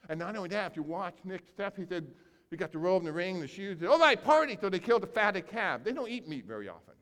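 A man preaching a sermon as pastor, telling a story with animated acting-out of characters and big swings between loud and soft. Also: sits high, fast talker. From grew up on a small farm. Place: church sanctuary. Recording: long hall reverb.

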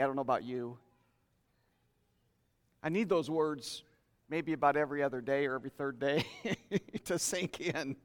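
A man preaching a sermon in a conversational way, inviting the congregation to share their thoughts. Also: a little high. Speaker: pastor. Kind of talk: interactive sermon. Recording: long hall reverb.

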